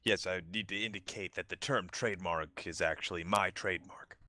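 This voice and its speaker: A man's voice: deep voice, a little fast, sharp tone. A man playing a tabletop game, joking around in a playful way. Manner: jokey, playful. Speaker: player.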